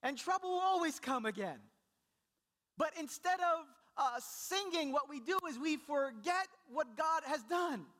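A man preaching a sermon, telling the story with animated delivery and acting out the people he quotes. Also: very high-pitched, a little slow. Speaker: pastor.

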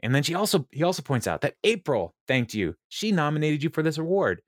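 A man's voice: on the high side, sing-song, brisk, dry recording, studio quality. A man co-hosting a podcast, retelling a show's scenes in a rambling way, quoting characters, with many fillers. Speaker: podcast co-host. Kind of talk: casual episode recap.

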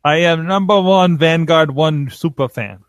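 A man co-hosting a podcast in casual chat, playful and teasing, quick to laugh. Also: fairly high pitch, dry recording, studio quality. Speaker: podcast co-host.

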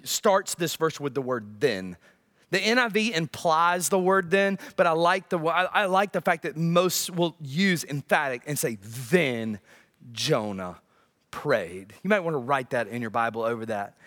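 A man delivers a sermon in a high, bright voice. His pitch is very lively, climbing into loud bursts and then dropping to hushed, almost whispered lines. He keeps asking the congregation "right?". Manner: dramatic swings from loud bursts to near-whispers. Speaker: pastor.

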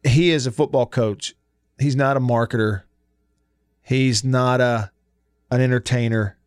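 A man hosting a sports radio show in a studio, talking in a relaxed, chatty way and laughing easily. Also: mid-range voice, a little slow, smooth, no echo. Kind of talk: casual sports talk radio. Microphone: studio microphone.

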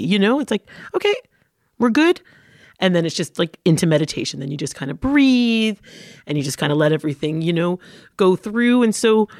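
A woman's voice: on the low side, no echo, studio quality. A woman in casual conversation, explaining her own routine in an earnest, upbeat way. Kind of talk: casual chat.

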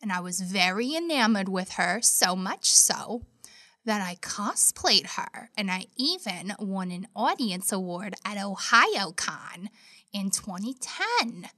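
A woman in her thirties presenting a casual podcast segment, chatty and enthusiastic with bursts of excitement. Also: medium pitch, slow, no echo, studio quality. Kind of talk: casual monologue.

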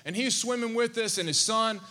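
Man, preacher, animated storytelling sermon, calls out to the crowd, high voice, crisp forceful tone. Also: fairly quick. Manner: animated, calls out questions to the audience. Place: church sanctuary. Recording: long church-hall reverb.

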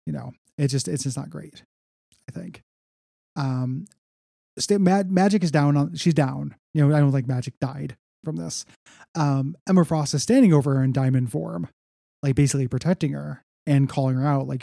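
Man, podcast co-host, casual comics chat, rambling recaps, fillers, gravelly, dry close sound. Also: fairly high pitch, moderate pace, dark tone, no room sound. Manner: rambling, filler-heavy recaps with quoted lines.

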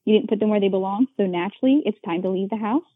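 A mother chatting as a guest over a tinny phone line. Her voice is husky and breathy. She talks in a lively way and slips into her children's voices to make a point. The sound is dry, with no room around it. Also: mid-range voice, very fast, no room sound. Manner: lively, acts out children's voices when telling examples. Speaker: podcast guest; parent of young children. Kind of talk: casual chat.

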